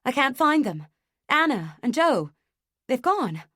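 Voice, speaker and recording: A woman reading an audiobook, voicing a panicked young mother who sobs and shouts in a raised, strained voice. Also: high voice, sing-song, slow, no echo, clean studio sound, pitched above the performer's own voice, exaggerated voice.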